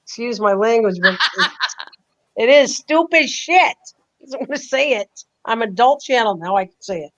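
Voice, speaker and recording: A woman's voice: on the high side, lively intonation, normal speed, fairly bright tone. A woman hosting a livestream chat, rambling and laughing easily about herself. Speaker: livestream host. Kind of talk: casual chat. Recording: dull lo-fi stream audio.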